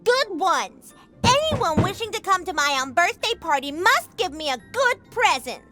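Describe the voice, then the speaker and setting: Spoiled, demanding little girl; very high, unhurried, game music underneath. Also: very animated, heavily acted. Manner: whiny, demanding.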